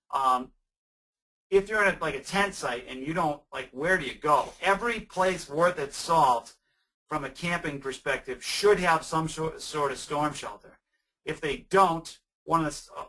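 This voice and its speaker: A man's voice: medium pitch, sharp tone, distant mic, rough recording. A man presenting a webinar on weather safety for camps, answering audience questions in a conversational, emphatic way with frequent restarts.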